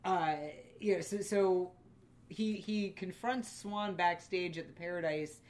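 A woman's voice: on the low side, a little slow, a little mellow. A woman co-hosting a casual film review podcast, talking thoughtfully with many fillers and restarts. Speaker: podcast co-host.

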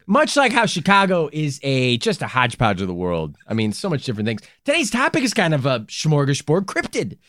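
A man's voice: a little high, huge pitch swings, fairly quick, hardly any pauses, fairly bright tone, no room sound, studio quality. A man co-hosting a comedy podcast, playful and over the top with mock enthusiasm. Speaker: podcast co-host.

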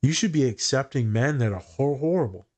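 A man's voice: mid-range voice, fairly quick. A young man talking casually on a podcast as a therapist, cursing freely and often repeating words as he thinks aloud. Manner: swears freely, quotes others in animated voices, repeats words.

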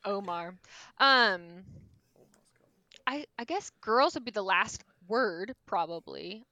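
Playful woman with a gravelly edge. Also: medium pitch, expressive, slow, sharp tone, dry recording, highs cut off. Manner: playful, joking, laughs a lot. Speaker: podcast co-host. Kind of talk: casual podcast chat.

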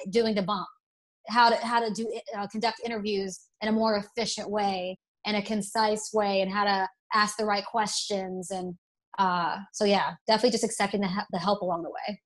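A young woman from Alabama talks as an interview guest, candid and self-deprecating, with only a faint Southern accent left. Her voice sits at an ordinary middle pitch, and she often breaks off and restarts her sentences. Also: steady tone, normal speed. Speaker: interview guest, broadcast presenter. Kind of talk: casual interview.

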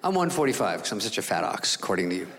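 A man doing stand-up comedy, animated, jumping into other voices and sound effects. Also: on the low side, very fast, slight background noise. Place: comedy stage before an audience. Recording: live in a hall with crowd laughter.

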